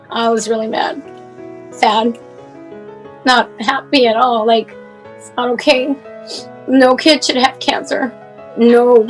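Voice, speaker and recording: Speaking in a fairly high voice on a clip-on mic, a guest in her forties rambles emotionally through her son's story, full of "like" and "you know." The recording quality is low.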